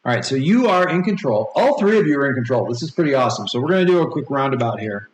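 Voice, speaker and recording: A man's voice: medium pitch, sing-song, fast. A man in his forties running a tabletop game and rambling through rules explanations with many fillers. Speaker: game master. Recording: echoey room with faint noise.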